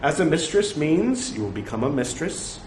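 A man's voice: fairly high pitch, very animated, moderate pace, darkish tone, slight background noise. A man reading scripture aloud in translation, breaking off for wry, joking asides. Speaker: reader of scripture. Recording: roomy echo, faint ambience.

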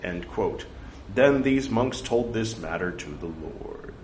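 A man reciting scripture slowly with deliberate, dramatic emphasis and playful asides. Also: fairly low pitch, expressive, darkish tone, reverberant, a little hiss or hum. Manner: playful, self-mocking digressions. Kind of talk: slow scriptural reading with wry asides.

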